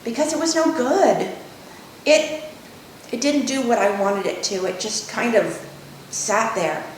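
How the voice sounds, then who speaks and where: A woman's voice: moderate pace, close to an everyday voice. An irritable young woman artist with a snappish, frustrated way of speaking, read by a woman. The room around her is echoey. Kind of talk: author reading a novel aloud. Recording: echoey room, faint rumble.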